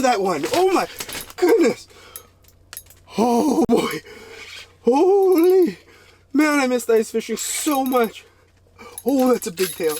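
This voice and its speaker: Guy ice fishing for his vlog, chill talk then super hyped yelling, bit of faint noise. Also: very high-pitched. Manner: excitable, bursts into loud exclamations. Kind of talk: casual outdoor vlog commentary. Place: ice fishing spot on a frozen lake.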